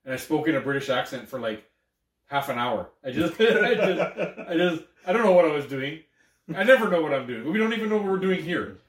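A man's voice: on the high side, expressive, brisk, recorded from a distance. A man co-hosting a podcast in casual chat, rambling, swearing and laughing often. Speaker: podcast co-host. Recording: roomy, from off-mic.

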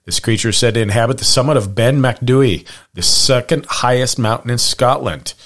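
Male host, casual and rambling, fillers, dry asides, mid-pitched voice. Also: normal speed, a bit bright. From Pacific Northwest. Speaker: podcast host. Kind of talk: casual chat reading from notes.

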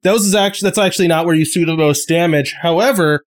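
A man's voice: fairly high pitch, fast talker. A man running a tabletop game as game master, narrating loosely with many likes and uhs, while sick.

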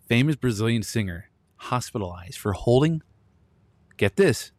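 A man's voice: lowish voice, lively intonation, moderate pace, dry recording. A man in his thirties hosting a solo commentary show, blunt and ranting, often breaking into laughter. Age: 30s. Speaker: podcast host.

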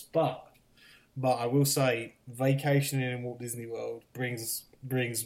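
Chatty man with a drifting British accent. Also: medium pitch. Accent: mixed British and American. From United Kingdom. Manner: chatty storyteller, repeats words when starting sentences. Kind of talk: casual chat.

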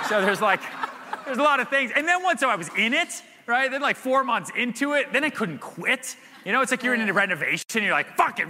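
A man in his thirties, a guest at a live summit, tells stories with lots of laughs and "like" fillers. His voice is very bright and cutting. It echoes through a large hall. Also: a little high, slight background noise. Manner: animated storyteller, laughs often, many "like" fillers. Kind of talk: live Q&A storytelling. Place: event stage. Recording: reverberant hall.

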